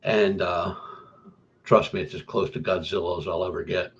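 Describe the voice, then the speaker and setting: A man telling a story as a guest, with an animated delivery that jumps higher for emphasis. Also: normal speed, dull audio. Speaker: guest paranormal investigator. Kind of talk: casual storytelling.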